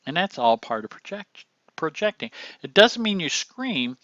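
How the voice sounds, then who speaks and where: An older man teaching a class about acting, explaining slowly and acting out lines to show delivery. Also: on the high side, sing-song, pushed and bright, no room sound, highs cut off. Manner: slow, explanatory, acts out lines to demonstrate delivery.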